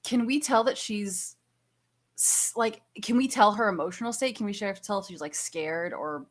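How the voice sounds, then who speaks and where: A woman's voice: medium pitch, normal speed. A woman playing a tabletop game, talking casually and hesitantly, with frequent restarts. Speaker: player.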